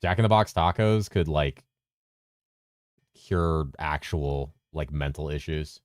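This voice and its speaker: Very deep-voiced man streaming casually. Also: takes it slowly, dry recording, clean studio sound. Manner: reads chat messages aloud and answers them, swears casually; lively presenter inflection at times, drops into a flatter low voice at other times. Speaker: game streamer. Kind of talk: casual live-stream chat.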